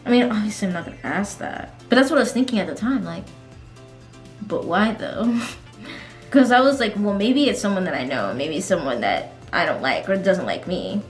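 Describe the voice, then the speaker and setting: A woman vlogger telling stories in a casual chat, animated and laughing often as she goes. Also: medium pitch, moderate pace, echoey room, faint music behind. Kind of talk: casual storytelling vlog.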